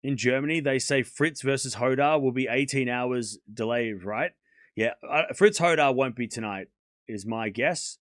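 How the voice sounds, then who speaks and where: A man's voice: mid-range voice, fairly bright tone, dry recording. Casual male tennis streamer, dry close sound. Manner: chatty, talks to chat, laughs often. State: sore throat. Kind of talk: casual live-stream chat.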